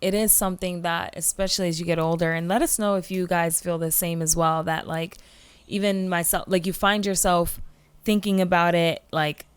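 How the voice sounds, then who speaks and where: A woman's voice: fairly low pitch, steady tone, moderate pace, clean tone, dry recording. A female podcast co-host who talks reflectively and giggles in playful banter. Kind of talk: casual podcast chat.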